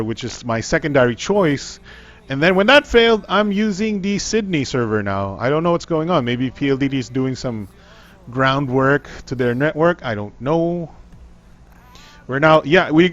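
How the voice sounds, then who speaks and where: A man's voice: medium pitch, muffled recording. A man hosting a casual tech livestream, rambling with frequent ums, restarts and trailing-off sentences.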